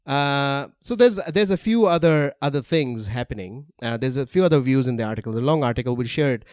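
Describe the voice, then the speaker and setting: A man's voice: mid-range voice, lively intonation, brisk, a little mellow, clear, resonant tone, no room sound, studio quality. A young man co-hosting a casual podcast chat, joking and laughing between his words. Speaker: podcast co-host.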